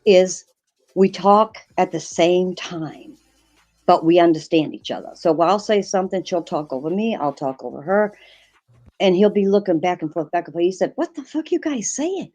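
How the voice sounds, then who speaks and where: A woman's voice: fairly low pitch, normal speed, a little mellow, muffled recording. A woman with a Maine accent chatting casually as a guest on a livestream panel, telling rambling stories with chuckling asides.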